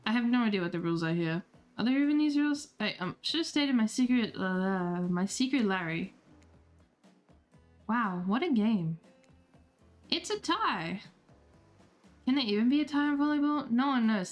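A woman's voice: mid-range voice, animated, a little fast, faint music behind. A woman streamer reading a dating game aloud, playful and giggly as she reacts to chat between the lines.

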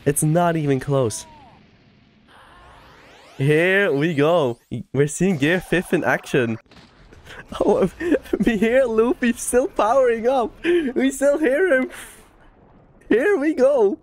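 A woman hosting an anime reaction video, excitable and gushing, breaking into laughter between exclamations. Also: a little high, takes it slowly.

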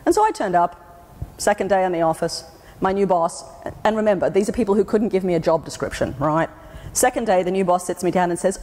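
A woman's voice: on the low side, fast talker, mellow. Australian woman, keynote speaker, wry storytelling, quoted voices acted out, hall with long reverb. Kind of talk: humorous conference talk.

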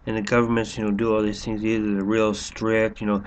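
A man's voice: lowish voice, monotone, fairly quick, clean tone. A man rambling through a sarcastic monologue, full of restarts and fillers. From United States. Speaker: vlogger.

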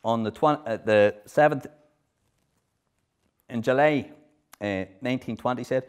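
A middle-aged man giving a history lecture, lively, often checking in with his audience. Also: medium pitch, a little slow, clean tone. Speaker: speaker at a political history festival.

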